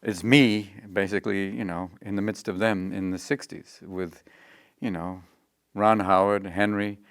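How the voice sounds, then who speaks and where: A middle-aged man being interviewed, telling animated stories and jumping into quick voices. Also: sits low, no echo, clean studio sound. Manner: animated, slips into quick character voices mid-story. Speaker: interview guest, comedian. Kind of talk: anecdotal interview storytelling.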